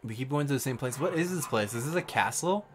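A man streaming a shooter game, commenting casually with loud, swearing, trash-talking outbursts. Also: mid-range voice, expressive, fast talker. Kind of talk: gameplay commentary.

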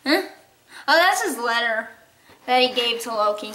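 Playful high bright-voiced woman voicing toy horses. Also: normal speed, echoey room, a little hiss or hum. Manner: playful, switches between character voices, giggly. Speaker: toy horse video creator voicing every character. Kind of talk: improvised toy-horse role-play.

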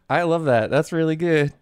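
A man's voice: fairly high pitch, no room sound, studio quality. Rambling, foul-mouthed male streamer. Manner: rambling, swears often, laughs easily. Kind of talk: live game stream chat.

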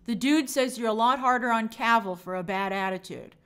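A woman hosting a live stream, giving emphatic, animated commentary and reading viewer comments aloud. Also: fairly high pitch, fairly quick, clear, resonant tone.

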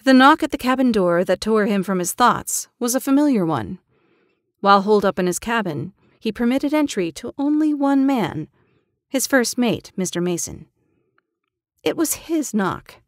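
A woman narrating an audio drama in a measured, dramatic storytelling style. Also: fairly high pitch, very animated, no echo, studio quality. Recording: narration over clear music.

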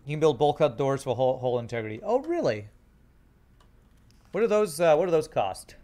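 A man streaming a game, thinking out loud and chatting to his viewers in a casual way. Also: on the high side, big pitch swings, normal speed. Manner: thinks aloud, chats to viewers. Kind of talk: casual live-stream gameplay commentary.

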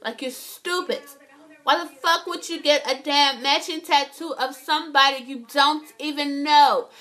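A young woman vlogging a casual, animated TV recap, swearing a lot and often asking "right?". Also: high voice, a little slow.

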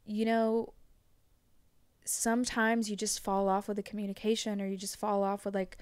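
A young woman talks openly as a guest in a relaxed conversation. Her phrasing is loose and peppered with "like". The recording is close and dry, with no room echo. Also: mid-range voice, clean tone. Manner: frank, fast-flowing, heavy use of "like". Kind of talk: casual chat.

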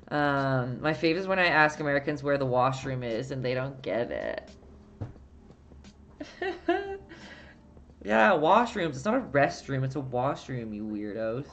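Low-voiced chatty Canadian woman. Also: very animated, moderate pace, long pauses, a little hiss or hum. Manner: chatty, answers viewer chat, laughs often. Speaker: painting instructor. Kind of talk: casual live-stream painting lesson.

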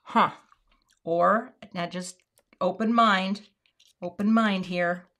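A woman's voice: on the low side, fairly even intonation, slow, a bit bright. A woman hosting a card-making livestream in casual chat, thinking aloud and dropping to murmurs while she works.

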